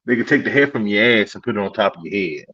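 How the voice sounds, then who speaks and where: A man's voice: on the low side, lively intonation, fast, bright, forceful tone, dull audio. A man co-hosting a podcast in a laid-back, teasing way, leading into the next topic. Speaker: podcast co-host. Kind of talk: casual comedic chat.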